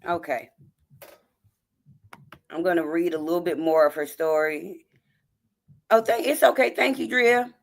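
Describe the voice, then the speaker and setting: A woman hosting a livestream, reading a post aloud haltingly with frequent throat clearing and restarts. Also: on the low side. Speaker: livestream host.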